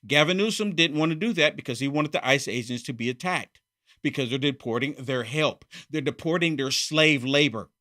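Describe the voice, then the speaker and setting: A man's voice: medium pitch, moderate pace, bright, forceful tone. A man hosting a heated political opinion monologue, repeating himself and mocking opponents. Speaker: political commentary host.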